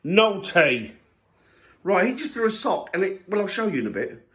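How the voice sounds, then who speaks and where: A man's voice: high voice, sing-song, normal speed, fairly bright tone. A man, joking and teasing his family in a casual home vlog. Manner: teasing, playful banter. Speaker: family vlogger.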